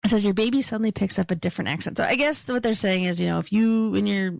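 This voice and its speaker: A woman's voice: mid-range voice, fast talker, creaky, no room sound. A woman with a Philadelphia accent, a podcast co-host chatting casually and joking as she goes. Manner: chatty, joking, laughs often. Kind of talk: casual chat.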